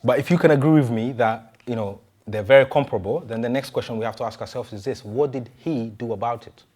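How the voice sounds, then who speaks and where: A man, a pastor, giving a conversational sermon full of rhetorical questions and quick restarts. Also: medium pitch, a little mellow.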